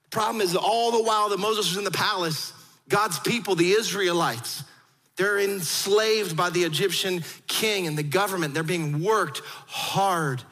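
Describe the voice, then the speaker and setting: High bright-voiced male pastor preaching. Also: moderate pace, big-room sound. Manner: animated storytelling, acts out quoted voices. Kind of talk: sermon.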